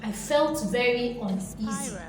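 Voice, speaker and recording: Animated woman lecturing in an echoey room. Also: a little high, unhurried. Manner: animated, lecturing, acts out voices. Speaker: motivational vlogger. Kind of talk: motivational talk to camera. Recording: very echoey room, faint music behind.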